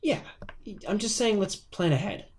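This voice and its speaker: A man's voice: sits high, very animated, moderate pace, a little mellow, a little hiss or hum. Cautious man playing a tabletop game. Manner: suspicious, cautious. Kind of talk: casual chat and in-character speech.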